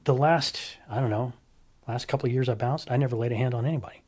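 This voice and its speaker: A man's voice: mid-range voice, fast talker. A middle-aged man chatting casually, telling stories with animation and acting out other people's lines. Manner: animated storyteller, acts out quoted voices. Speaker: guest.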